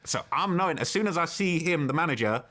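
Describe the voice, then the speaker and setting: Guy rattling off a story in an interview, real quick, slangy, acts out the quotes. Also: on the high side, expressive, a bit bright. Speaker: interview guest.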